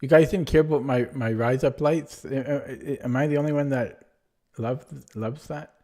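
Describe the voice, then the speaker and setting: A man's voice: medium pitch, normal speed, warm tone. A young man streaming himself playing chess, rambling and self-deprecating as he thinks aloud in casual commentary.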